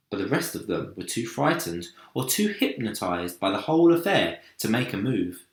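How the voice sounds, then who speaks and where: A male teacher narrates a children's story in a soft, hushed voice. His pitch moves lively through the sentences, and the recording carries a roomy echo. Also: normal speed, few pauses. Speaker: teacher reading aloud. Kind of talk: storybook read-aloud narration.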